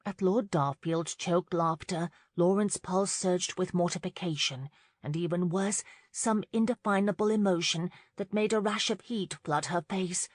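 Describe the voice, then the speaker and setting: A woman narrating a romance audiobook in a measured, scripted style on a studio mic. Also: fairly low pitch, no room sound.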